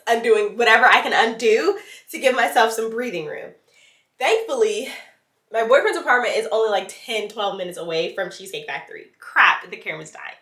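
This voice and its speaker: A woman's voice: medium pitch, fairly bright tone, reverberant, far from the mic. A woman vlogger telling a dramatic storytime in casual chat, full of slang and playful asides.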